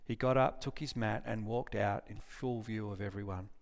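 A man's voice: on the low side, fairly even intonation, normal speed, creaky. A man preaching a casual sermon, reading scripture aloud, often restarting and correcting himself and putting questions to his listeners. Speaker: pastor.

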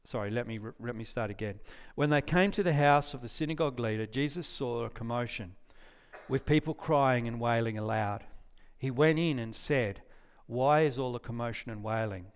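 A man's voice: mid-range voice, normal speed, clear, resonant tone. A man preaching a casual sermon, reading scripture aloud, often restarting and correcting himself and putting questions to his listeners. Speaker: pastor.

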